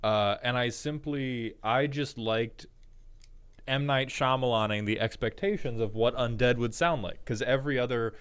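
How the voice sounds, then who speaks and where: A man's voice: mid-range voice, moderate pace, a bit bright, smooth. A man streaming, chatting casually with viewers in a rambling, jokey way with frequent restarts. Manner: rambling, jokey, self-interrupting.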